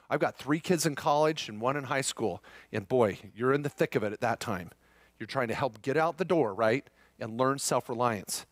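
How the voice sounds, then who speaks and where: A man's voice: mid-range voice, dry recording. A middle-aged man speaking to a live seminar audience, joking and upbeat, talking straight to the room.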